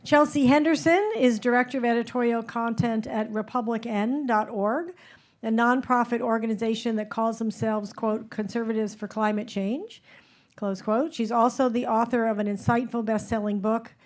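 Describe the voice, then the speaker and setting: A woman's voice: on the high side, fairly even intonation, moderate pace. Upbeat woman moderator introducing guests. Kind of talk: introducing panel speakers.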